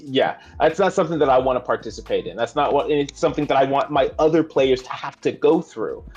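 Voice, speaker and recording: A man co-hosting a gaming stream talks through his view in a thoughtful, measured way. His audio sounds a little dull and lo-fi, with soft music playing behind him. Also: medium pitch, slightly rough. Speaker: podcast co-host. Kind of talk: casual chat.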